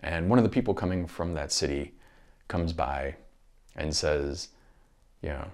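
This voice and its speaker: A man's voice: low-pitched, normal speed, long pauses. A man talking through his thoughts in a casual monologue, rambling and restarting often.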